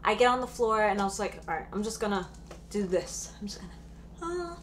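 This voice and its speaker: Chatty woman vlogger, excited bursts. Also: mid-range voice, a little fast, slight background noise. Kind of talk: casual storytelling vlog.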